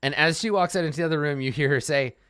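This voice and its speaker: A game master narrating a tabletop game in a relaxed, halting way with many fillers. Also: medium pitch, smooth, no room sound, studio quality.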